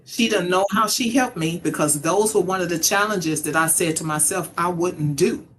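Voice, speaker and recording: A woman's voice: fairly low pitch, normal speed, fairly bright tone, slight background noise. A middle-aged mother telling a personal story in a casual conversation, earnest and reflective. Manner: earnest, reflective, acts out quoted voices. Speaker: mother sharing her story.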